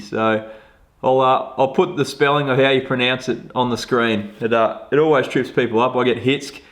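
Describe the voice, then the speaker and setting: A young Australian man answering viewer questions about fishing in a relaxed, joking, self-deprecating chat full of slang. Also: mid-range voice. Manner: laid-back, matey slang, self-deprecating. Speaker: fishing vlogger. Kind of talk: casual Q&A chat.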